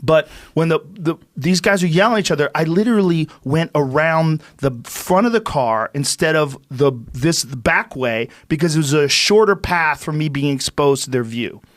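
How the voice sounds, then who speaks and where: A man's voice: a little high, expressive, normal speed, hardly any pauses, no room sound, clean studio sound. A middle-aged man hosting a podcast, telling a story casually and profanely, acting out what people said. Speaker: podcast host.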